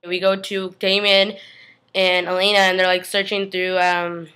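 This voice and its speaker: A woman's voice: on the low side, flat delivery, measured pace, sharp tone, clear, resonant tone. A woman chatting through a casual TV episode recap at home, rambling and filling her talk with "like". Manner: chatty, rambling, heavy use of "like". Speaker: TV recap vlogger.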